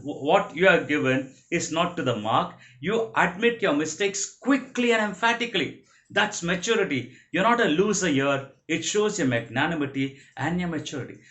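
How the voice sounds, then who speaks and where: A man with an Indian English accent delivers a motivational training lecture. His pitch sits fairly high and swings widely as he stresses each point, and he hammers his key phrases home by repeating them. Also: a bit bright.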